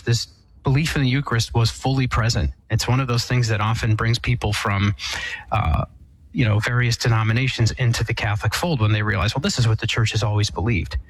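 A man, a priest, answering a call-in question in a thoughtful, measured way with frequent fillers and restarts. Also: medium pitch, low-quality recording. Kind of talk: radio call-in explanation.

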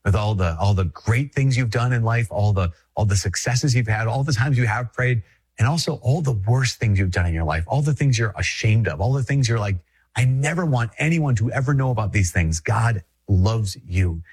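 A Catholic priest from Minnesota giving a conversational, emphatic reflection, repeating phrases and chuckling often. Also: male voice, lowish voice, expressive, moderate pace, a little mellow, breathy edge. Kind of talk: spoken reflection to an audience.

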